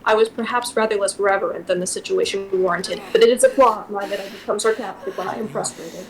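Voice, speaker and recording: A woman streamer reads a gothic novel aloud on a desk microphone, breaking in with wry, sarcastic asides. Her voice sits at an ordinary middle pitch. A light background hiss runs under the recording. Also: fairly even intonation, fast, rough recording. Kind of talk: casual reading aloud on a livestream.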